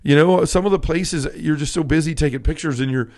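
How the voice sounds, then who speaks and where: A man hosts a casual, conversational podcast in a fairly high, brisk, slightly mellow voice. He speaks earnestly and from the heart, often restarting and correcting himself.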